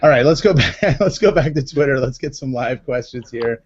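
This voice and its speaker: A man runs a live online chat show, joking and teasing the people on the call. His voice sits at an ordinary pitch, and the sound comes through dull and lo-fi. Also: expressive, normal speed. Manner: playful, teasing. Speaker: host.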